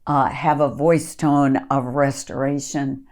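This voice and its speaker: Low-voiced woman teaching on a podcast. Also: level tone, slow, a little mellow. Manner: earnest, reads scripture aloud and coaches listeners. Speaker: ministry leader.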